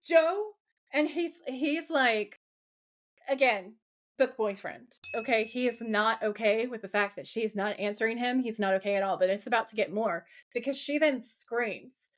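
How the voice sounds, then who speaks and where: A woman co-hosting a podcast, gushing and excitable as she recaps a TV episode, swearing and laughing often. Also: on the high side, normal speed. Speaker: podcast co-host. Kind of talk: casual episode recap chat.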